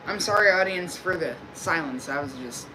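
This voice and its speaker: A man's voice: fairly high pitch, pushed and bright, a little hiss or hum, rough recording. Rambling, crude male streamer. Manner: rambling, crude, laid-back. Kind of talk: casual live-stream chat.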